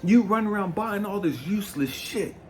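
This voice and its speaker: Man in his fifties, life coach, profane fired-up motivational talk, lively swinging pitch. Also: normal speed, slight background noise. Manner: blunt and profane, keeps asking "you know what I mean"; shifts from low brooding to loud fired-up preaching. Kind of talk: impassioned motivational monologue.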